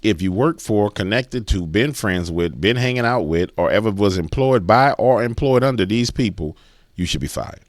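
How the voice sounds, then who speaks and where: A man's voice: fairly low pitch, lively intonation, normal speed, dry recording. Fired-up man ranting in a dry close recording. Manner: emphatic, repetitive, gets worked up. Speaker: political commentator. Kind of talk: heated commentary rant.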